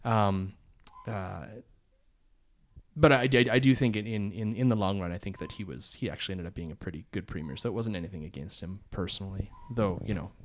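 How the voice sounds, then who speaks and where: A man's voice: low-pitched, fairly quick. A man, a podcast co-host, telling a long story in a rambling casual way, full of restarts and short laughs.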